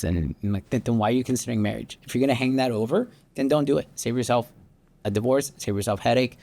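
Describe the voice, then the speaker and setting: A man's voice: mid-range voice, fast talker, gravelly, mellow. A man co-hosting a casual faith-based chat about marriage. He talks earnestly and reflectively, often stopping to restart his thoughts. He sounds like he is in his thirties. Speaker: podcast co-host.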